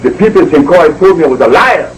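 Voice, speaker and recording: A man's voice: fairly high pitch, lively intonation, quick pace, far from the mic, a little hiss or hum, poor audio. A man giving an emphatic, preachy lecture to a live audience, repeating words for force. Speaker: speaker addressing an audience. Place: indoor evening gathering.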